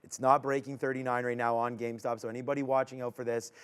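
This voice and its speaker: A man hosting a live stock trading stream, narrating price moves as they happen and urging the price on with bursts of excitement. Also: mid-range voice, fast, clean tone. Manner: restless, urging the price on, rising to excited shouts.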